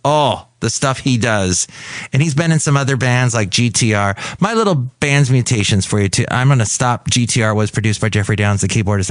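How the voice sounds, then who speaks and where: A man's voice: medium pitch, animated, brisk, no room sound. A man hosting his own podcast, chatting in a rambling, digressive way and correcting himself as he goes. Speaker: podcast host. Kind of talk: rambling solo podcast chat.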